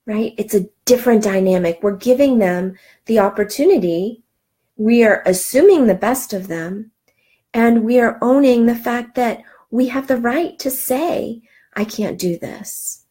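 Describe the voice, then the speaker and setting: A woman's voice: on the high side, expressive, a little slow, dark tone, breathy edge. A middle-aged woman giving an earnest, encouraging self-help talk, with frequent ums and restarts. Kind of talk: motivational talk.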